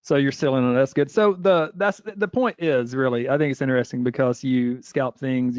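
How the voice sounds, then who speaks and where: A man's voice: mid-range voice, darkish tone, no room sound, clean studio sound. A man hosting a casual interview podcast, easygoing and a bit hesitant, with lots of small agreeing sounds. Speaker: podcast host.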